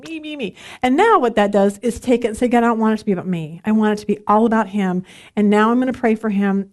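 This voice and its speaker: A middle-aged woman teaching a women's Bible study in a chatty, self-deprecating way, laughing often. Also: a little high.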